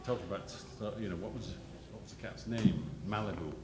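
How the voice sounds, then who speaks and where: An older man telling a rambling, self-deprecating story at a gallery panel, halting with many restarts. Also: fairly low pitch. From England. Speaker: panel guest, illustrator. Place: gallery panel before an audience. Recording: echoey gallery hall, noisy.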